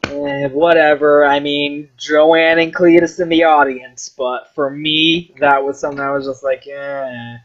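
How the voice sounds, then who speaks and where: A man rambles casually through a film review, swearing freely and leaning on fillers. His voice sits a little high and he takes his time. The recording sounds dull and lo-fi. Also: unhurried, few pauses. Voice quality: filler-heavy, profane, animated.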